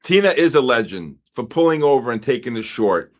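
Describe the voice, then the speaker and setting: Here the trading stream host, a New York man, has a mid-range voice and talks a little fast. His live-trading chatter wanders and wisecracks, filled with animated stories between market calls and remarks directed at chat.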